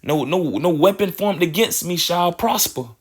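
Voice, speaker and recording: This high, expressive male voice has a breathy edge and a normal speed. As a spiritual speaker, he rambles through a monologue, playing with words, restarting phrases, and checking in with "you feel me."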